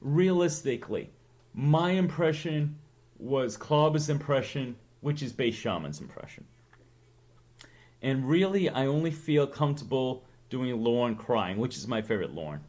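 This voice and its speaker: Male streamer host with New England accent, rambling, self-deprecating, mid-pitched. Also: animated, unhurried, a little mellow, lo-fi sound. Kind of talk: casual chat to stream viewers.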